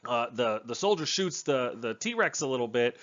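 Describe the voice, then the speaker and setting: A man's voice: medium pitch, sing-song, moderate pace, a bit bright, dull audio. A man casually recapping a book's plot as a reviewer, rambling and correcting himself as he goes. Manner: rambling, chatty, with fillers and self-corrections. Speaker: book reviewer.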